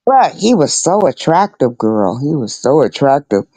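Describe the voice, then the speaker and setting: A woman's voice: rumbling low, big pitch swings, moderate pace, warm tone, dry recording. A middle-aged woman hosting a casual chat, telling stories bluntly and with plenty of swearing. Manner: blunt, profane storyteller. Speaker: host.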